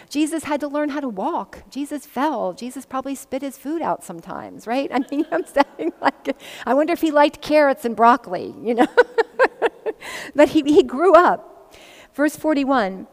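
A woman's voice: fairly high pitch, darkish tone. Giggly woman teaching scripture, echoey room. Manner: chatty and giggly, laughs between verses. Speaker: Bible study teacher. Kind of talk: casual Bible teaching, reading scripture with commentary. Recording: long echoey reverb.

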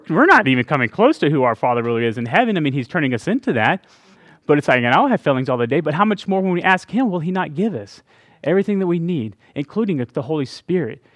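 A middle-aged pastor with a fairly high voice talks to his congregation in a chatty sermon, full of laughing asides and "right?" check-ins. The recording is dry.

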